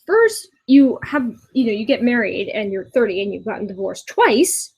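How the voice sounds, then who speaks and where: Exasperated young woman ranting, halting. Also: a little high, big pitch swings, darkish tone, husky, low-quality recording. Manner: exasperated, halting with many restarts, swears often. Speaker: vlogger. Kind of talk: ranting commentary video. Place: a room in her boyfriend's house.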